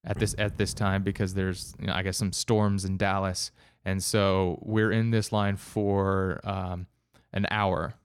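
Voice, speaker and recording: A man with a low, smooth, resonant voice tells a story in casual conversation. He rambles, full of fillers and restarts. The sound is dry and close. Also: little pitch movement, unhurried, hardly any pauses, no echo.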